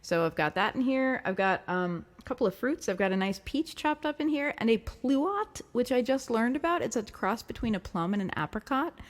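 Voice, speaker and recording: A woman's voice: a little high, animated, moderate pace, few pauses, long reverb tail. A woman from Long Island with a light Long Island accent, a singer-songwriter hosting a livestream, chatting casually with viewers, upbeat and laughing often between ums. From Long Island, New York. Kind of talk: casual livestream chat reading comments.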